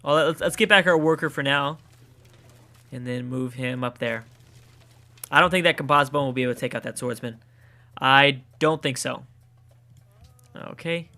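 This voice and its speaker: A man's voice: medium pitch, normal speed, long pauses, sharp tone. A Canadian man with a Canadian accent, casually commenting on his own strategy game play, thinking aloud and swearing at setbacks. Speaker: let's play gamer.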